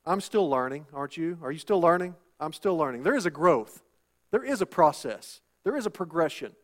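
A man preaching with a high, light voice. He leans on repeated lines and rhetorical questions, calling out to the congregation for an "Amen". His delivery is emphatic and insistent. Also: lively intonation, a little fast. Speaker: pastor. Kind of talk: sermon.

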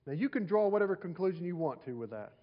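A pastor preaches in a conversational way, with rhetorical questions and repeated lines. His voice sits slightly high for a man. The recording sounds a little dull and lo-fi. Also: sing-song, fast talker. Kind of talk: sermon.

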